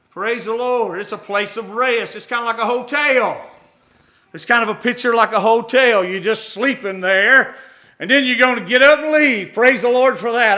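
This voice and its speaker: High-voiced fervent preacher man. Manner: fervent, rising to shouts, folksy asides. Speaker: visiting preacher. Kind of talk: sermon. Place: church sanctuary.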